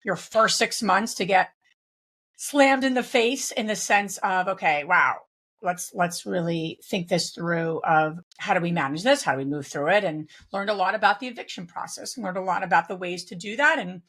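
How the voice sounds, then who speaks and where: Interviewed casually as a guest, this real estate investor reflects aloud at a moderate pace, often restarting and using fillers. She has a lowish, slightly bright voice.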